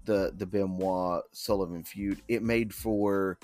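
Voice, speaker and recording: A man with a fairly low voice co-hosting a relaxed chat. He speaks very slowly and hesitates, often restarting his thoughts. Faint music plays underneath. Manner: slow, hesitant, many restarts. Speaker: podcast co-host. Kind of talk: casual podcast chat.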